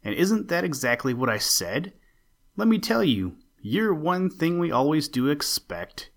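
A man voicing a cheeky, indignant little male sparrow in a storybook reading, shrill and mocking. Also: sing-song, unhurried.

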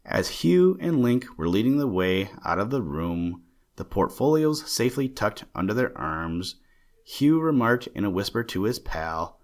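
A man narrating an audiobook in a steady, plain storytelling manner. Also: fairly low pitch, measured pace.

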